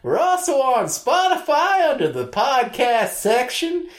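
A whooping cowboy, high. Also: male voice, sing-song, unhurried, echoey room, heavily acted. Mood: rowdy. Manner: hollering, whooping, drawling, laughing through it. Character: rowdy yee-hawing Texan cowboy extra, male adult.

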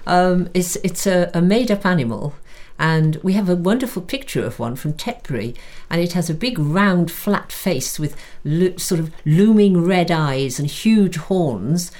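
Low-voiced woman, hesitant guest. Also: animated, unhurried, darkish tone. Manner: hesitant, searching for words. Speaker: interview guest. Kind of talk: casual interview chat.

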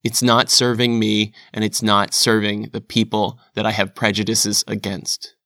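A man's voice: fairly low pitch, flat delivery, a little slow, sharp tone, dry recording. A man speaking in an earnest, self-questioning, confessional monologue. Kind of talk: reflective personal monologue.

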